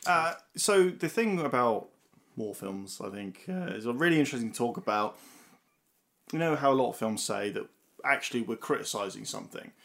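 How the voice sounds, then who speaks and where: A man co-hosting a casual film podcast, who swears freely and tells stories in an animated way. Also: medium pitch, moderate pace. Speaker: podcast co-host.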